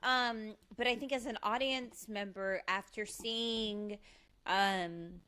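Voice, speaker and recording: A woman co-hosting a podcast in casual chat, eager and quick to agree. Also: mid-range voice, steady tone, sharp tone. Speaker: podcast co-host.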